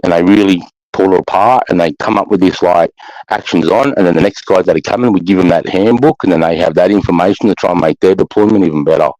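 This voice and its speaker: A man's voice: sits low, quick pace, darkish tone, dry recording, low-quality recording. A man with an Australian accent, a former soldier telling war stories in a casual talk, blunt and full of swearing. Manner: blunt, sweary, heavy use of "mate" and "bro". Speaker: army veteran guest. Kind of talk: casual podcast conversation.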